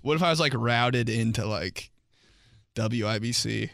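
A man's voice: mid-range voice, measured pace, vocal fry, fairly bright tone, dry recording. A young man from Indiana, a podcast host riffing comedically on his own in a small studio and rambling with many fillers.

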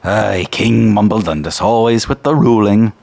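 A man's voice: lowish voice, normal speed, creaky, a little mellow, pitched above the performer's own voice. A man doing a hearty old dwarf king. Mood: jovial. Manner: hearty, says "aye" often.

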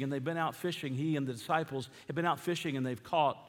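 Preacher, reverberant hall. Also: male voice, fairly even intonation, fast talker. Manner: reads scripture and asks the listeners questions; swings from loud emphatic questions to low quiet reading. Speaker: pastor. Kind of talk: sermon. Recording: long reverb of a church hall.

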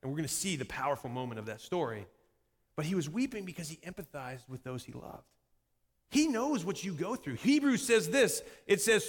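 A man in his thirties preaching a sermon as pastor, shifting from lively delivery to quiet, intense passages. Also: on the high side, fairly quick. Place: church sanctuary. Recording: long hall reverb.

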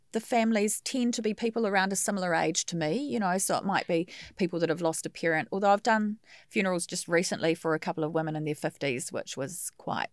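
A woman's voice: on the low side, no echo, clean studio sound. A New Zealand woman in her fifties, a funeral celebrant, chatting in an interview. She laughs easily and acts out the voices of the people she quotes. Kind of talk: casual interview chat.

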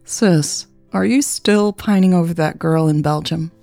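A woman's voice: lowish voice, a little slow, gravelly, no echo, soft background music. A woman voicing a blunt, teasing young sister. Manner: teasing, frank, gently insistent.

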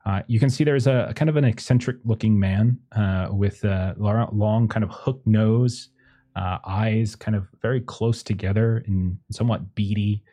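A man's voice: on the low side, fairly even intonation, moderate pace, dark tone. A man narrating a tabletop horror game as game master, describing scenes loosely with many fillers.

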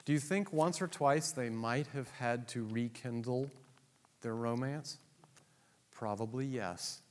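A man's voice: medium pitch, slow. A man teaching a Bible class to a live audience, joking and teasing his listeners as he explains the text. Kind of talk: classroom lecture. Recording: long hall reverb.

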